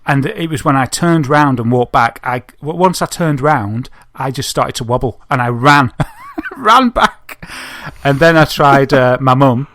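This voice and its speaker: A man, co-hosting a podcast and telling an animated story, laughing often. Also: medium pitch, measured pace, no echo, clean studio sound. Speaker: podcast co-host. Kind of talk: casual chat, telling an anecdote.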